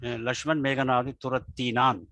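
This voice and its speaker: A man tutors a single student in a casual, halting way, full of fillers and restarts. He talks at a quick clip. The recording is dry and close. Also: mid-range voice, little pitch movement, sharp tone, no room sound. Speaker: language teacher.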